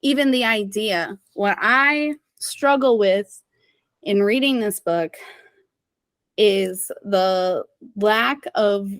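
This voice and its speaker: A woman's voice: mid-range voice, slow pace, dry recording. A woman from Missouri, a podcast guest, talking casually and chattily with lots of "like" and "you know" fillers. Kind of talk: casual conversational interview.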